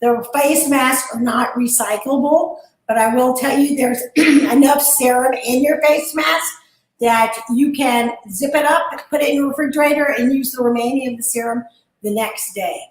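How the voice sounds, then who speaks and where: A woman's voice: high voice, moderate pace, echoey room, low-quality recording. A woman who founded a brand, speaking as a guest on a live online talk and giving upbeat, motivational advice.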